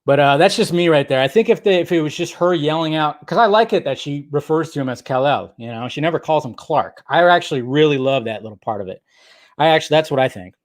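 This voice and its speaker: A man's voice: on the high side, animated, quick pace. A man giving casual film commentary as a vlogger, rambling and chatty, full of asides.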